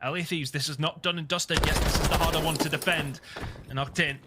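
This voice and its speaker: A man giving excitable play-by-play commentary on an esports match, rising sharply on big plays. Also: fairly high pitch, a little fast, very noisy. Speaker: esports caster. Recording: loud game gunfire behind.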